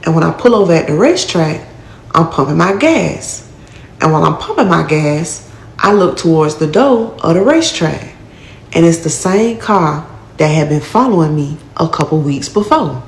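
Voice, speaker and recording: A woman's voice: low voice, expressive, moderate pace, echoey room. A woman telling her own life story in casual, blunt street talk, acting out what people said. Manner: blunt, profane street talk with acted-out quotes. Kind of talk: casual first-person storytelling.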